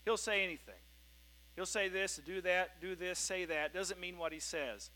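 Bright-voiced man preaching conversationally. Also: high-pitched, normal speed, rough recording. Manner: conversational storytelling, many fillers and self-corrections. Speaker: pastor. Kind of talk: sermon.

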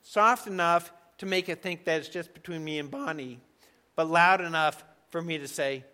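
A man preaching a sermon in a conversational, emphatic way, dropping to soft asides now and then. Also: on the high side, normal speed, clean tone. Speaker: pastor.

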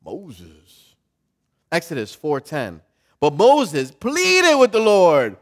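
High-voiced man preaching a sermon. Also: drawn-out words. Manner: animated, swings from loud to quiet, repetitive.

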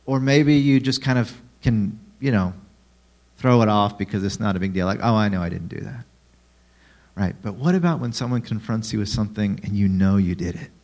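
A man's voice: on the low side, expressive, a little fast, darkish tone. A man preaching a sermon in a conversational way, asking the listeners questions. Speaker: pastor.

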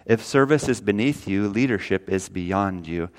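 A man's voice: fairly low pitch, moderate pace. A man preaching a sermon, folksy and earnest, speaking with energy. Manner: folksy, earnest preaching, rises loud when quoting scripture. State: briefly tearful. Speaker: pastor.

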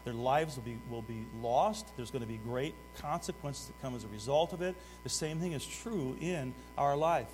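A middle-aged man preaching a sermon, swinging between loud urgent exhortation and hushed asides while putting direct questions to the congregation. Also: mid-range voice. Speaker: pastor. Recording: long hall reverb with mains hum.

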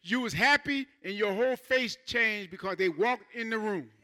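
A male pastor preaches in church with a high-sitting, pushed, bright voice. He speaks to the congregation informally, slipping into quick impressions of church members.

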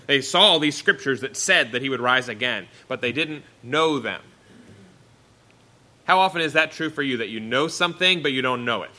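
A man's voice: medium pitch, animated, normal speed, sharp tone, low-quality recording. A man preaching a sermon, reading Bible verses aloud and then explaining them in plain, everyday words.

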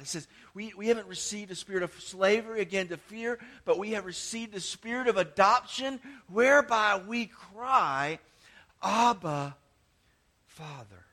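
A man preaching a sermon with passion, rising to emphatic cries and dropping to hushed, near-whispered lines, often repeating words as he restarts phrases. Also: fairly high pitch, breathy edge. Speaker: pastor.

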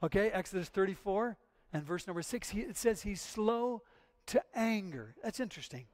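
A man's voice: high voice, lively intonation, moderate pace, darkish tone. A male pastor preaching a sermon in an earnest, emphatic way, often repeating his phrases.

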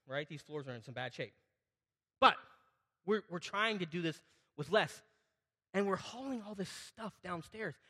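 A man in middle age preaching to his congregation with a high, bright, ringing voice. He talks animatedly, throws questions at the room and acts out people's words loudly. The sound carries a long hall reverb. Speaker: pastor. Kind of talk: sermon.

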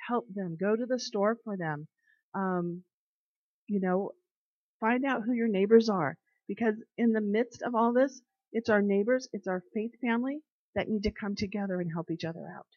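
A woman leading an informal devotional talk, reading scripture and telling everyday stories in an earnest, conversational way, slowing down to stress key phrases. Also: medium pitch, no echo, dull audio. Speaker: Bible study leader.

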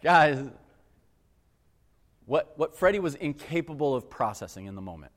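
A fairly high-voiced man preaching in an earnest, animated way and weaving a personal story into his sermon. His voice rings out with a long reverb, as if he is filling a large church hall. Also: moderate pace. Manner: earnest, animated storyteller who addresses the crowd as guys. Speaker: pastor.

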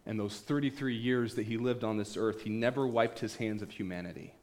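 A pastor preaching a sermon, retelling stories with acted-out quoted voices, swinging between loud bursts and hushed, quiet passages. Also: male voice, fairly low pitch, a little fast.

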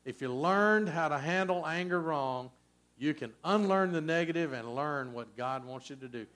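A man preaching a sermon as a pastor, conversational and folksy, with frequent asides to the congregation. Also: moderate pace. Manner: conversational preaching, folksy asides, lively swings in pitch and loudness.

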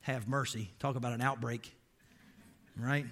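A man's voice: medium pitch, fairly even intonation, a little slow, fairly bright tone. A man preaching a sermon as pastor, emphatic and quizzing his listeners with rhetorical questions, with folksy, wry asides.

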